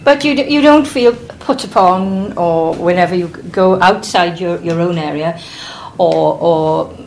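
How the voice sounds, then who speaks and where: A woman's voice: on the low side, unhurried, a little mellow, a little hiss or hum. A woman interviewing a small group, asking probing questions and often restarting them mid-sentence.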